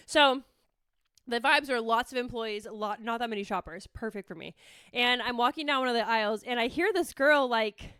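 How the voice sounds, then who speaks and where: Woman, 30s, high and bright voice, animated profane storyteller, casual podcast host. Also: normal speed, clean tone, dry recording, studio quality.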